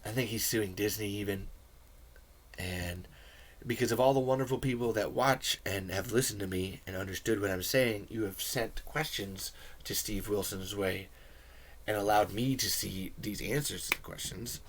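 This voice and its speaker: Rambling, profane low-voiced man. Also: normal speed, slight background noise. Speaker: video creator. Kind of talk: casual ranting commentary.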